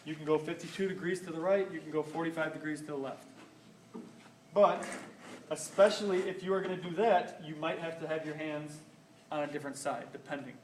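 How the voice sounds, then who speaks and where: A man's voice: fairly high pitch, fairly even intonation, brisk, slight background noise. A young man casually demonstrating band saw safety in a school workshop, moving around the machine as he explains. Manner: informal, repeats "basically" and "rule of thumb". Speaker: shop safety instructor. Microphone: camera microphone from a distance. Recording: roomy, distant camera audio.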